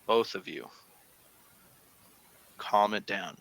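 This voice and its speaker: A man voicing a calm, stern male tavern keeper who speaks quietly and firmly in a tabletop game. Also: on the low side, takes it slowly, creaky, heavily acted, low-quality recording. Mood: calm commanding. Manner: quiet, level, commanding.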